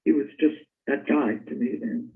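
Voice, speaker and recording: Gravelly older woman on a tinny line. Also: a bass voice, normal speed. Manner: animated storyteller, laughs while telling. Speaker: interview guest. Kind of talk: casual storytelling.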